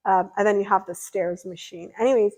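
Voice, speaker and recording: A young woman talking to her stream in a loose, rambling way, full of fillers and asides. She chats casually as she answers viewer comments, at an ordinary middle pitch. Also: fairly even intonation, fairly quick, darkish tone, rough recording. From California. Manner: chatty and rambling, lots of fillers. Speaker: livestreamer.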